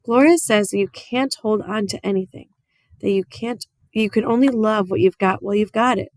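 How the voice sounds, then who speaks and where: A woman reading a children's novel aloud in a calm, measured voice that sits in a middle range. The recording is close and dry, with no room echo. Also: medium pitch. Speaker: audiobook reader. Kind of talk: storybook read-aloud narration.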